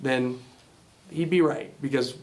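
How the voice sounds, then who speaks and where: A man talks to a Bible class in a loose, rambling way, retelling a film before drawing a spiritual lesson from it. His voice sits at an ordinary middle pitch. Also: steady tone, slow, darkish tone. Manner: rambling, many fillers and restarts. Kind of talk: casual retelling of a film with a moral.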